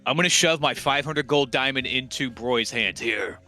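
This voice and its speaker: A man's voice: medium pitch, moderate pace, pushed and bright, soft background music. A man playing a tabletop game, upbeat and pushing the group along. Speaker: player.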